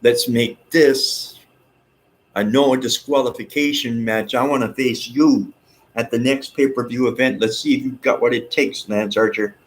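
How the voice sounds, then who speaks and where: A man's voice: medium pitch, fairly even intonation, measured pace, lightly acted. A man putting on a cocky male pro wrestler who calls out a rival in a brash, challenging way.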